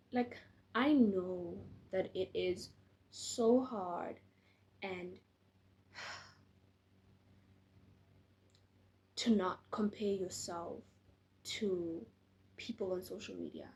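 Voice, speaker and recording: A woman's voice: medium pitch, very slow, pauses often, darkish tone. A tired young woman talking casually to camera as a faith vlogger, earnest and encouraging, with frequent restarts. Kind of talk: casual direct-to-camera talk.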